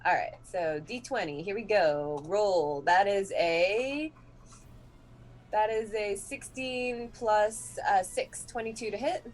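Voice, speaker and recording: A woman playing a tabletop game, talking casually, often laughing and thinking out loud. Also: mid-range voice, slow pace. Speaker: player.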